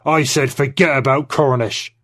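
A man's voice: medium pitch, fairly even intonation, normal speed, lightly acted. Man playing a blunt, scornful local man. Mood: dismissive. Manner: curt, dismissive, forceful. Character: blunt, contemptuous middle-aged man.

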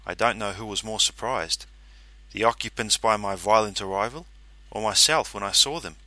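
A man's voice: fairly low pitch, normal speed, pushed and bright, dry recording. A man reading a first-person story aloud, in a dry, matter-of-fact narrating manner.

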